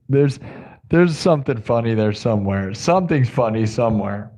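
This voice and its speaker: A man's voice: on the low side, animated, moderate pace, darkish tone, faint music behind. Rambling, laid-back young man streamer. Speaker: live-stream musician host. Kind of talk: casual rambling chat.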